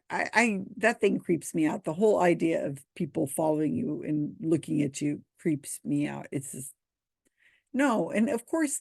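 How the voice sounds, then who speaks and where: A woman's voice: fairly low pitch, darkish tone, no echo. A woman casually commenting on video comments, reading them aloud and answering in a dry, skeptical way.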